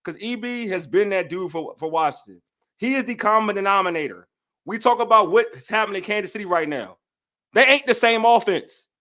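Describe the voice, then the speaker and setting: A man's voice: sits high, expressive, fairly quick, pushed and bright. A man hosting a casual sports debate show, heated and slangy as he vents his frustrations.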